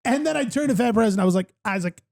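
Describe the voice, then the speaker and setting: A man hosting a casual chat show, telling stories excitedly with many fillers and restarts. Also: high-pitched, rapid-fire, creaky. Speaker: podcast host.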